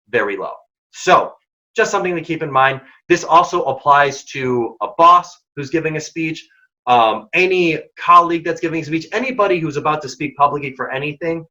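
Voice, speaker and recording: A man's voice: fairly high pitch, sharp tone, dull audio. A man hosting a career workshop, giving direct, emphatic advice in short punchy lines. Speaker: program founder and workshop host.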